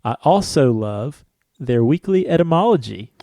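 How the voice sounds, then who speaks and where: A man co-hosts a casual podcast in a friendly, chatty way and laughs easily. His voice sits at an ordinary middle pitch. The close mic sounds dry, with no room around it. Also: animated, moderate pace, dark tone, dry recording. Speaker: podcast co-host.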